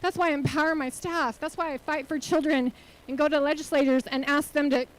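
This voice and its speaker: High-voiced woman giving a motivational keynote. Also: fairly even intonation, brisk, low-quality recording. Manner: earnest, rhetorical questions to the audience. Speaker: keynote speaker and nonprofit CEO. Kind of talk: motivational conference talk. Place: conference hall stage.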